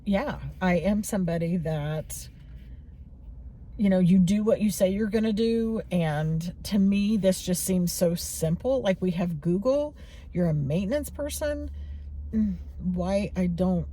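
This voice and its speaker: A woman's voice: lowish voice, dark tone. A woman in her forties talking candidly and rambling a little as she reflects on her own feelings in a personal vlog. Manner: candid, rambling, many fillers and restarts. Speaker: vlogger.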